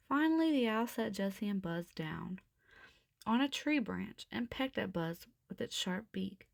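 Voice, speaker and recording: A woman reading a children's storybook aloud in a steady, expressive way. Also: mid-range voice, vocal fry, no room sound, studio quality. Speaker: storybook reader.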